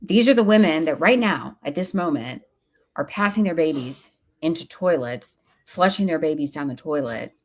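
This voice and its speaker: A woman speaking as an interview guest, earnest and emphatic, sometimes acting out what other people say. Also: deep voice. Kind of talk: casual interview talk.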